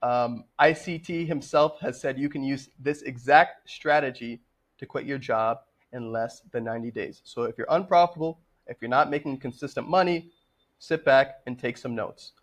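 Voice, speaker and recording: A man's voice: medium pitch, moderate pace. A man explaining a trading strategy in a screen-share tutorial, direct and instructive, often checking in with "okay?". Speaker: trading educator.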